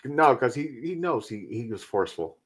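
A man's voice: medium pitch, sing-song, normal speed, background noise. A man in casual conversation, bluntly and profanely retelling scenes from a film. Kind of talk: casual movie review chat.

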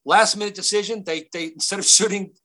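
Male actor guest, slightly high voice, bright tone, lively anecdotes full of restarts. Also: a little fast. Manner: animated, many restarts and fillers. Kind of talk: casual interview storytelling.

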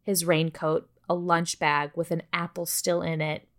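A woman's voice: on the low side, little pitch movement, a little slow. A woman co-hosting a podcast, telling a true-crime story in a casual, chatty way, cursing freely and dropping joking asides. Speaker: podcast co-host.

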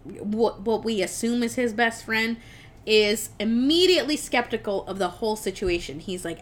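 A woman's voice: mid-range voice, normal speed, a little hiss or hum. A young woman casually recapping a film on a podcast, rambling and swearing, quoting the characters as she goes. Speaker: podcast co-host.

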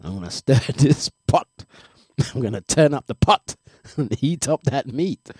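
Field: voice. Figure: a man putting on a smug, leering male ex. Acting: low taunting drawl. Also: lively intonation, a little slow, darkish tone, husky, no echo, studio quality. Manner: teasing, boastful, breaks into laughter. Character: smug leering male ex stirring a pot of curry goat.

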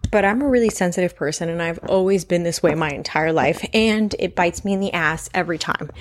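A woman's voice: fairly low pitch, a little fast. A woman in her twenties talking candidly to camera in a casual confessional monologue, emphatic and swearing freely. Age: 20s. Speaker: vlogger.

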